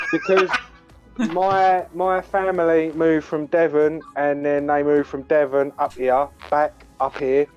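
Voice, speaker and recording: A man's voice: on the high side, flat delivery, slow, a little mellow, lo-fi sound, faint music behind. A man from London with a Cockney accent, chatting as a podcast guest in a coarse, sweary, rambling way. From London, England. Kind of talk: casual banter.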